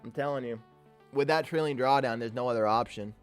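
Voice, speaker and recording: A man streams his trading live, talking through every move with frequent swearing and open exasperation. His voice sits at an ordinary middle pitch, with faint music playing softly behind him. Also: a little fast, clear, resonant tone, no room sound. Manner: exasperated, swears often, talks to himself about trades. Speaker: day trader streaming live. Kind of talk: live trading commentary, reading chat.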